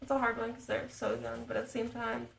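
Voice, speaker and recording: A woman's voice: a little high, flat delivery, fast, gravelly, slight background noise. A woman in her twenties co-hosting a podcast in casual chat, asking questions and musing aloud. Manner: asks questions, muses aloud. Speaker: podcast co-host. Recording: roomy echo.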